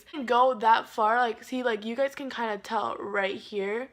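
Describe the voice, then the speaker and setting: Chatty young woman vlogger, slightly high voice. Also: fairly even intonation, normal speed, hardly any pauses, a bit bright. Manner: chatty, fillers of like, quoting herself dramatically. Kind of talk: casual storytime.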